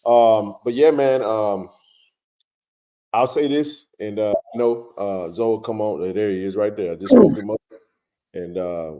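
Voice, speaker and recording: A man's voice: fairly low pitch, a little slow, warm tone. Laid-back man hosting a live sports chat. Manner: laid-back, greets viewers by name, many fillers. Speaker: live stream host. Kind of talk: casual live-stream chat.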